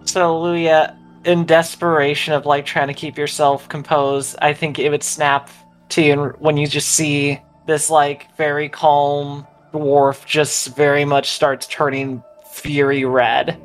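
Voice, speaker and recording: Low-voiced woman player, thinking out loud, rambly. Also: flat delivery, unhurried, faint music behind. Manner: searching, rambling with fillers. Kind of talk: casual out-of-character explanation.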